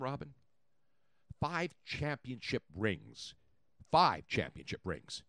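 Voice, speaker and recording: A man hosting a sports radio show, loud and theatrical, with a voice that swings widely in pitch. The sound is dry and close. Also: no room sound. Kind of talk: sports talk show banter.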